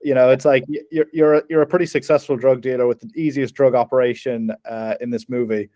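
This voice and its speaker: A young man with an Irish accent chats through a film review, laughing easily and tripping over his own restarts. His voice sits at an ordinary middle pitch. The sound is dry and close, with no room around it. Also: steady tone, fast, warm tone, dry recording. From Ireland. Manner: chatty, laughs often, many restarts. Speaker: podcast co-host. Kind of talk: casual film review chat.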